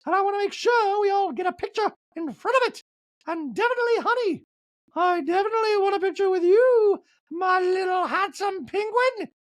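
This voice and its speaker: A woman doing a comic impression of a prim, gushing rich hostess in a squeaky voice. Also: moderate pace, no room sound.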